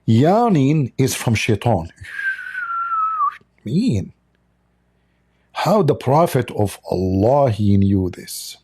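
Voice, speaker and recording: A man's voice: mid-range voice, big pitch swings, extremely slow, pauses often, warm tone, breathy edge. A man hosting a livestream, talking in a mocking, sarcastic way in non-native English. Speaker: livestream host. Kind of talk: livestream polemic commentary.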